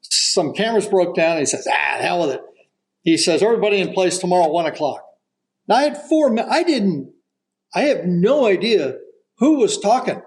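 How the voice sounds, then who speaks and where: An older man, a golf broadcaster guesting on a podcast, telling an animated story and acting out the voices of the people in it. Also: high voice, rough recording. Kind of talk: storytelling anecdote.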